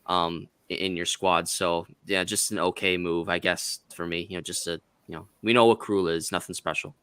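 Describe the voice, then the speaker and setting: A man's voice: deep voice, steady tone, moderate pace, fairly bright tone, clean tone, dry recording. An American man on a casual panel chat who rambles and hedges with many restarts. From United States.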